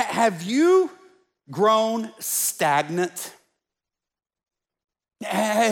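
A man pastor preaching a sermon in a conversational way, stumbling over repeated words and joking with the congregation, in a church sanctuary. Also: sits high. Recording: long church-hall reverb.

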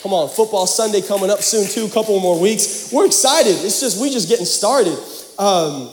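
A young man preaches with an animated, joking storytelling manner. His voice sits high for a man. Long reverb rolls through the large church hall around him. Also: normal speed. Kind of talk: sermon.

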